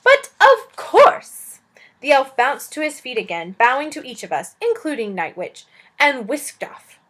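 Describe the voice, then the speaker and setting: A woman's voice: high voice, expressive, normal speed, a bit bright. A woman teacher reading a children's novel aloud expressively, adding chatty asides to her listeners.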